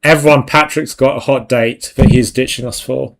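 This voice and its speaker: A man's voice: mid-range voice, fairly even intonation, moderate pace. A young man hosting a livestream, chatting casually with viewers in a rambling way and laughing often. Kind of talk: casual chat.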